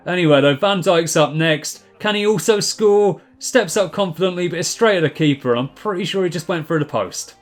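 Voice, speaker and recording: A young man giving dry, sarcastic commentary over a football video game, with deadpan asides. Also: on the high side.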